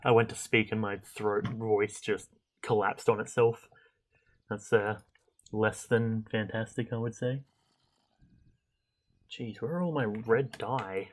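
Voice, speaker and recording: A man's voice: on the low side, steady tone, slow, long pauses. Young man rambling on a game stream. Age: young adult. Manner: rambling, chatty, thinks aloud with many fillers. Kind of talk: casual gameplay commentary.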